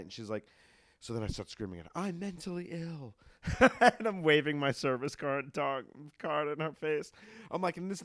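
A man from New York, a comedian, telling stories in casual chat, blunt and animated, laughing as he goes. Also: lowish voice, dry recording, studio quality.

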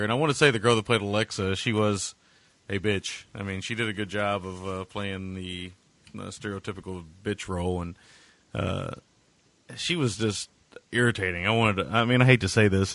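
A man's voice: lowish voice, fairly bright tone, dry recording. A man co-hosting a casual movie review podcast, rambling and sarcastic, with lots of filler words. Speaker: podcast co-host.

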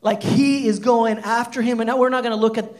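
High-voiced preacher telling a story. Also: male voice, brisk. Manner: animated storytelling, many fillers like "like". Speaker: pastor. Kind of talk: sermon.

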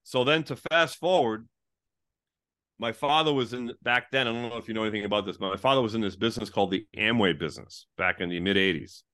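A man in his fifties telling his life story as an interview guest, animated and conversational, often saying "like" and acting out what people said. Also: fairly low pitch, fast talker. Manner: animated, fills with "like", acts out quoted people in a raised voice. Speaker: interview guest, former pastor.

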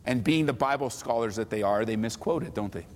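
Animated preacher man in a reverberant church. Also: medium pitch, brisk. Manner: animated preaching, acts out mocking voices of others. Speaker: pastor. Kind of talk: sermon.

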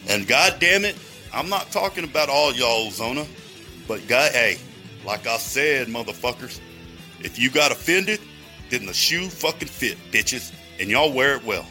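Sharp-voiced man ranting. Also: medium pitch, lively intonation, normal speed, faint music behind. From Texas. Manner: heavy swearing, rambling tangents, addresses listeners directly. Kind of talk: rambling profane monologue.

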